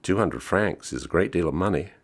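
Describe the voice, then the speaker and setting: A man's voice: low voice, expressive, brisk, breathy edge, full character voice. A man reading as a blunt American traveller. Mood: insistent. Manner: curt, persistent propositioning. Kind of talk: audiobook reading.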